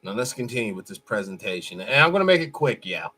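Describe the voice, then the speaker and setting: A man's voice: fairly low pitch, big pitch swings, quick pace, sharp tone, slightly rough. A man hosting a show, giving blunt, profane and mocking commentary over a played clip. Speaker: host.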